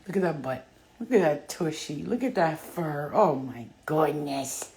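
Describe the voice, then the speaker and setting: A woman chatting casually into her phone camera for a vlog, excitable and rambling, swearing freely as she goes. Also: low-pitched, unhurried, slight background noise. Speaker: vlogger.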